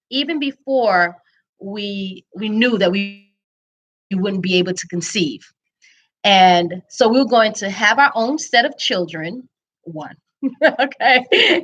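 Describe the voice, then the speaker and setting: A woman candidly telling her personal story of infertility and faith, reflective, with frequent pauses and restarts. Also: mid-range voice, low-quality recording. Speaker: speaker sharing her story. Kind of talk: personal testimony, casual storytelling.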